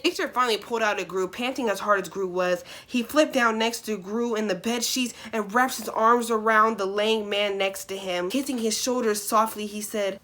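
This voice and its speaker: Bright-voiced young woman, blunt and sarcastic. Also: mid-range voice, normal speed, hardly any pauses. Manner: blunt, sarcastic asides with sudden loud outbursts. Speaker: YouTuber. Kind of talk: reading fan fiction aloud with reactions.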